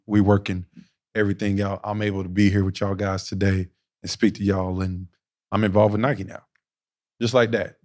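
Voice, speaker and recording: A man giving a blunt, slangy motivational talk to young players at a basketball camp. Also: lowish voice. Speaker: guest speaker at a youth basketball camp.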